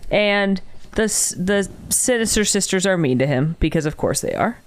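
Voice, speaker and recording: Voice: mid-range voice, animated, normal speed, clean tone. A podcast co-host in casual chat, exasperated as she picks a film apart. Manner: exasperated critic.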